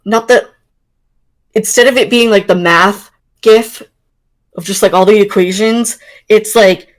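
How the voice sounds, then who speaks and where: A woman's voice: medium pitch, measured pace, poor audio. A woman playing a tabletop role-playing game, talking in and out of character with hesitant fillers and frequent laughs. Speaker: player. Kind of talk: tabletop role-play, mixing in-character talk and chat.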